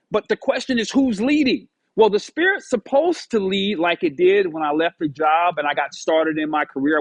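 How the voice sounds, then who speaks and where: A man giving a casual motivational monologue, animated and storytelling, acting out his own past dialogue. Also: a little high, husky, dry recording, poor audio. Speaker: motivational vlogger.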